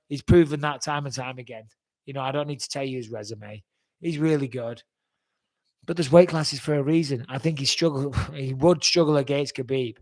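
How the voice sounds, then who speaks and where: A man in his forties, answering fan questions in a blunt, rambling way and swearing freely. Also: on the high side. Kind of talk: casual fan Q&A.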